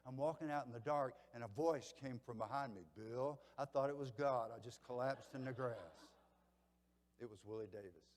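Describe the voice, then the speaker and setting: A man in his seventies with a Southern accent gives a motivational keynote at a banquet, telling stories dramatically and swinging from hushed to loud. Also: mid-range voice, normal speed, long reverb tail. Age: 70s. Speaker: keynote speaker. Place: large banquet hall.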